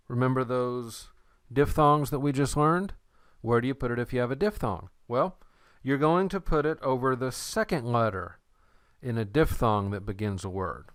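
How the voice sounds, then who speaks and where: A man teaching a recorded language lesson, slow and patient, saying words twice for the learner. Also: mid-range voice, no echo, clean studio sound. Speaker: Greek teacher.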